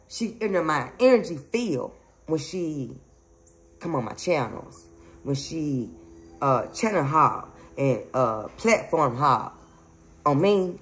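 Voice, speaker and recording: Deep-voiced and heard through poor audio, a woman runs a casual spiritual vlog as a psychic medium. She rambles emphatically, laughs frequently, and keeps addressing viewers as "y'all."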